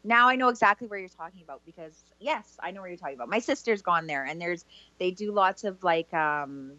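A woman's voice: on the low side, animated, fairly quick, pushed and bright, no room sound, highs cut off. A woman from Canada co-hosting a casual radio chat, rambling and hedging with lots of "like". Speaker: psychic medium co-host.

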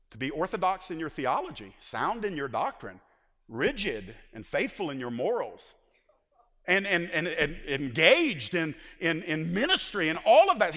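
A man preaching a sermon as pastor, swinging from shouted points to hushed asides and acting out the voices he quotes. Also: on the high side, big-room sound.

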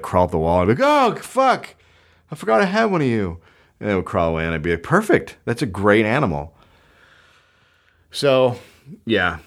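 Foul-mouthed rambling man with animated swings. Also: deep voice. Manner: profane, rambling, sarcastic. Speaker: podcast host. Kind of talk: solo comedic monologue. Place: home closet studio. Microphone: studio microphone.

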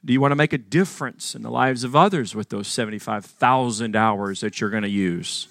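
A man's voice: medium pitch, a little fast, vocal fry, a bit bright, dry recording. A man from Arkansas preaching a sermon as pastor, earnest and emphatic, asking the congregation questions.

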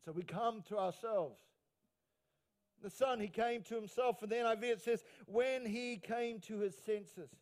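A pastor with a New Zealand accent delivers a sermon in a fairly high voice. He is emphatic and openly emotional, circling back on key phrases to drive them home. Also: unhurried, darkish tone.

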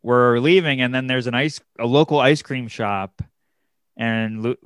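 A young man spinning a comedy tale on a podcast, lively and scattered, leaping up in pitch whenever he acts out someone else. His voice is smooth and clean, set close and dry with no room sound. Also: unhurried, no room sound. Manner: animated, jumps up in pitch to act out quoted people, many fillers and restarts. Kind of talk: casual podcast storytelling.

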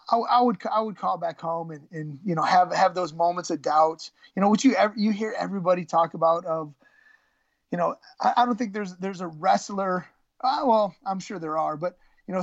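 A man, a former college wrestler, telling his story as a podcast guest in a halting, candid way, with many restarts. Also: sits high, gravelly, no echo, muffled recording.

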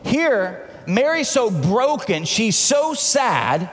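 A man preaching to his church with a rather high voice. He moves from quiet, tender moments to fervent shouting. The sound rings with a long reverb, as if in a large sanctuary. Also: sing-song, extremely slow. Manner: passionate preaching that swings from hushed to shouted. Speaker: pastor. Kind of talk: sermon.

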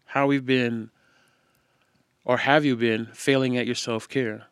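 Laid-back slangy man, smooth voice. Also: mid-range voice, steady tone, a little slow, dry recording, clean studio sound. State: tired. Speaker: podcast co-host. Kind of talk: casual chat.

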